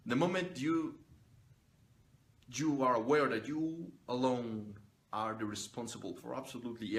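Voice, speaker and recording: A man's voice: medium pitch, fairly bright tone, slight background noise. Fired-up, foul-mouthed man preaching to camera. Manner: blunt, profane and fired up, with lots of swearing. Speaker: motivational vlogger. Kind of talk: unscripted motivational monologue to camera. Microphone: phone or camera he is recording himself on.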